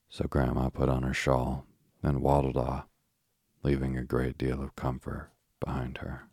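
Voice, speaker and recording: Man reading a bedtime story slow and soothing, really deep, flat monotone, dry close sound. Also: breathy edge, no room sound. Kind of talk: sleep story narration.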